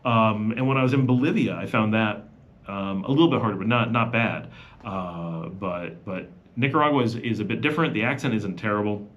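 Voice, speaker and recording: A man's voice: lowish voice, brisk, dull audio. A middle-aged man chatting casually on a live Q&A stream, rambling with many fillers and restarts. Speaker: vlogger hosting a live Q&A.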